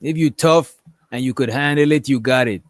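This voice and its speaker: A man's voice: medium pitch, moderate pace, dry recording. A man in a casual panel debate, laid-back and slangy, laughing as he talks.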